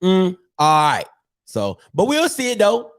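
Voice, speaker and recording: A man hosting his own show, ranting casually about sports in an animated, repetitive and mocking way. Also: high-pitched, measured pace, clean tone. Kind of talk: casual sports rant to camera.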